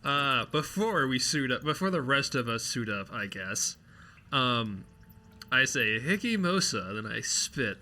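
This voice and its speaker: A man's voice: mid-range voice, measured pace. A man playing a tabletop role-playing game, joking and chatty. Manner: joking, animated. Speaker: player. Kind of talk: casual tabletop play.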